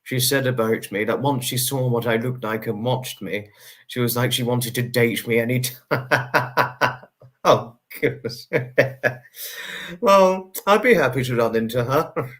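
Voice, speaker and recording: A man's voice: medium pitch, moderate pace. Effusive man greeting livestream viewers. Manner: effusive, repeats thanks and greetings, stretches out names. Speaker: livestream host. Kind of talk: live stream chat, greeting viewers.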